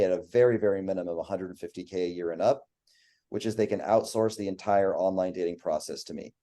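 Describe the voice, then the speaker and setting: A man's voice: on the low side, dark tone. A man guesting on a podcast as a dating coach, talking casually in long, rambling, profane runs of lists. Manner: rambling, profane, list-heavy talk.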